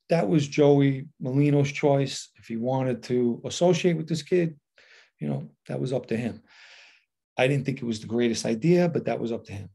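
A middle-aged man, telling a personal story in a casual monologue and acting out the quoted dialogue. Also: mid-range voice. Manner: animated retelling with quoted dialogue.

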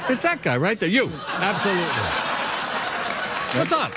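Halting deadpan man on a talk show. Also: high-pitched, a loud crowd, very noisy. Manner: halting, deadpan, self-deprecating. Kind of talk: late-night talk show chat.

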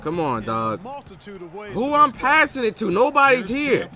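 A young man commentating his own basketball video game, loud and exasperated, yelling and swearing at the players. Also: extremely high pitch, wildly swooping pitch, a little slow. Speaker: gaming YouTuber. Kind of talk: live gameplay commentary. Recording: game music behind the voice. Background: game music and basketball commentary.

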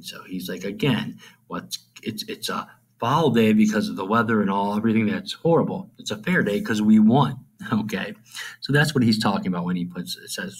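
A man teaching a recorded lecture, talking informally, checking in often with listeners and trailing off into low, whispery asides. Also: normal speed, breathy edge, low-quality recording. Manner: informal, repeats "okay?" to check in.

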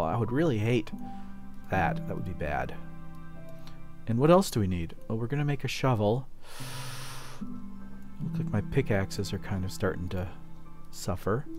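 A man's voice: lowish voice, a little mellow. A man hosting a casual let's play, chatting playfully as he goes and talking to objects in the game.

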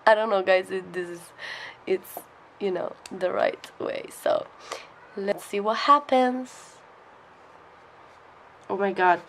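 A young woman with an Italian accent, an artist chatting excitedly through an unboxing vlog, gasping and giggling often in non-native English. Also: a little high, a little hiss or hum. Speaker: artist reviewing art supplies.

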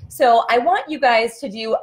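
Lively high-voiced woman singing teacher. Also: moderate pace. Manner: demonstrative, sings and yells sample notes between explanations. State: tired voice. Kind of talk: live-streamed singing lesson.

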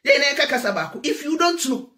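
A Ghanaian woman with a Ghanaian accent, a preacher, delivering a loud, teasing political rant with frequent laughter. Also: high-pitched, big pitch swings, fast. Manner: loud, teasing, laughing, switches between Twi and English.

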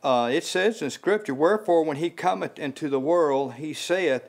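A man preaching an informal sermon in a small house church, halting and repeating words with many fillers, his voice rising when he stresses a point. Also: on the high side. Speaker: lay preacher.

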